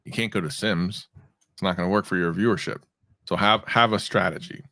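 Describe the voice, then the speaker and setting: A man's voice: sits low, brisk, no echo, clean studio sound. A man co-hosting a live review stream, joking and giving casual feedback. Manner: animated, joking, laughs easily. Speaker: co-host of a channel review stream.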